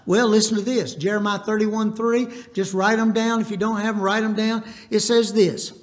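A man's voice: high voice, level tone, moderate pace. A man preaching a sermon to his congregation, telling folksy, rambling stories and calling for the crowd to answer back. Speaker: Baptist preacher. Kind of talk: storytelling sermon.

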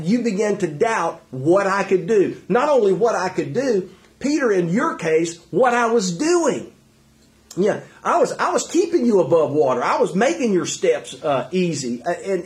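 A man preaching a sermon in an earnest, conversational way, with frequent fillers and restarts. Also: a little high. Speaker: pastor.

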